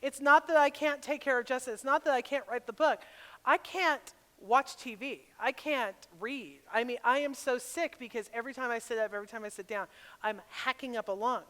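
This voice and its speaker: A middle-aged woman speaking at a women's retreat, telling a personal story with animated, sometimes loud bursts. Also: high voice, brisk. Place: large hall at a camp retreat. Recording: long reverb of a large hall.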